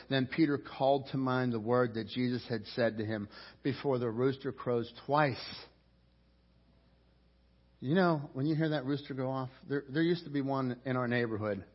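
A man preaching a sermon as pastor, animated, acting out quotes and asides. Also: mid-range voice. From Pittsburgh. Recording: dull recording in a reverberant hall.

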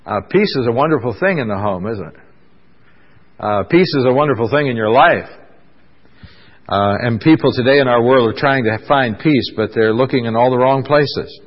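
Male pastor, casual sermon delivery with many "uh"s, long echoing hall, muffled lo-fi sound. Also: medium pitch. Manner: conversational, fills pauses with "uh", asks the congregation questions.

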